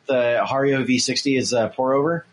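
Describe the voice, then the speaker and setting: A man co-hosting a podcast, talking in a relaxed, conversational way. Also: mid-range voice, normal speed, low-quality recording. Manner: relaxed and conversational, says "dude". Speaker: podcast co-host. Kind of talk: casual chat.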